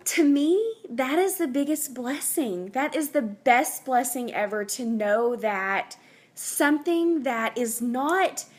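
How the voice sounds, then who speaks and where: Young woman, health coach, slightly high voice; earnest, chatty, rambling, faith-centered. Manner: earnest, rambling, faith-driven, with many fillers and restarts. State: pregnant. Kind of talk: casual unscripted talk to viewers.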